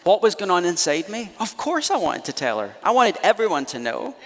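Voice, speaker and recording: A Scottish man preaching as a pastor, telling stories in an animated, self-deprecating way in a church auditorium. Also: high-pitched, fairly quick. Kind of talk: storytelling sermon. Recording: reverberant church hall.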